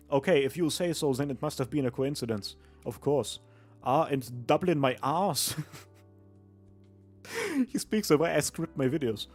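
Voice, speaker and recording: A man's voice: medium pitch, moderate pace, long pauses, soft background music. A young man streaming a video game, giving crude, joking commentary and laughing often. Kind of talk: casual game livestream commentary.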